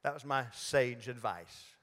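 A man's voice: mid-range voice, unhurried, fairly bright tone. A man, preaching a sermon in a folksy, humorous storytelling way in a church. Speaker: guest preacher. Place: church sanctuary. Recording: long hall reverb.

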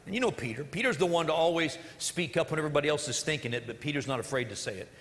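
A man preaching a sermon, retelling a parable with lively storytelling and joking asides to the congregation. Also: fairly high pitch, racing, big-room sound. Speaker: pastor.

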